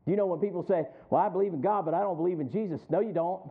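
A man's voice: sits high, very fast. A male pastor preaching a sermon, rising in emphasis and calling out to the congregation for responses. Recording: tinny phone-like sound.

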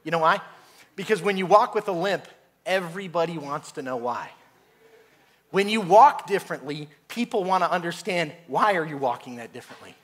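A middle-aged man preaching a sermon, telling stories in an animated way and laughing through the funny parts. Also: on the high side, normal speed. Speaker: pastor.

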